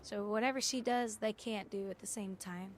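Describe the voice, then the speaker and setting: A woman's voice: medium pitch, fairly even intonation, normal speed, slight background noise. A woman game streamer in casual chat, spinning stories in a chatty way while she plays. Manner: chatty storytelling with restarts.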